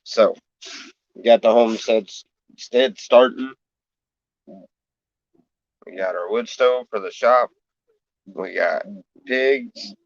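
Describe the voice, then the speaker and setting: A man's voice: slow, pauses often, no room sound, muffled recording. A man chatting casually in a homestead vlog, sometimes talking to his pigs in a coaxing voice. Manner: talks to his piglets in a high coaxing voice. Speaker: homesteader vlogger.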